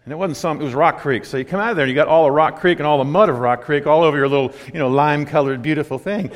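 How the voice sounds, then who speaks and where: Man preaching, high voice, storytelling sermon, loud then hushed, long hall echo. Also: very fast. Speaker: pastor.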